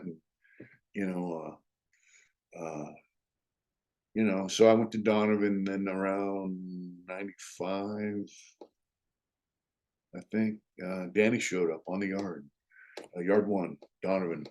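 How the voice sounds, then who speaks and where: Laid-back middle-aged man, slightly low voice. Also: fairly even intonation, takes it slowly, pauses often, a little mellow. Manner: laid-back, full of "you know" and "uh", chuckles often; blunt street slang and cursing. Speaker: storyteller, former prisoner. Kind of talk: casual storytelling.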